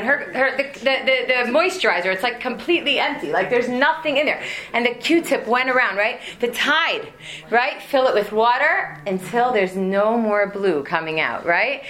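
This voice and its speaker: A woman's voice: fairly high pitch, lively intonation, moderate pace, fairly bright tone. A woman in her forties giving a religious lesson to an audience, telling humorous family stories with many asides. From United States. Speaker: women's class teacher.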